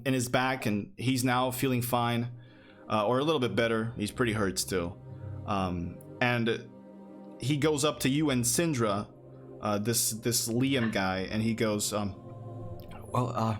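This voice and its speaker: A man's voice: medium pitch, fairly bright tone. A man narrating a tabletop fantasy game as game master in a loose, casual storytelling manner.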